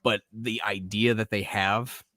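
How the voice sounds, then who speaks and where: A man's voice: lowish voice, level tone, unhurried, sharp tone, no echo, studio quality. A man from the American South hosting a casual live podcast stream, rambling, laughing often and reading chat comments aloud. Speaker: podcast host.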